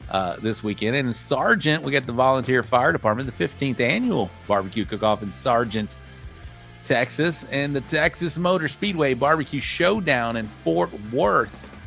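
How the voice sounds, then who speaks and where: Gravelly man hosting a live show. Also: mid-range voice, expressive, normal speed, a bit bright, faint music behind. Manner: rambling, self-correcting announcer. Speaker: podcast host. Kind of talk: live show segment reading event listings.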